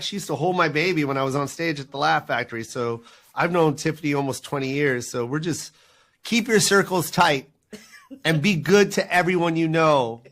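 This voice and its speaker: A middle-aged man, a guest in a casual interview, telling stories in an animated, quick way and laughing often. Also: fairly high pitch. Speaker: interview guest, comedian and filmmaker.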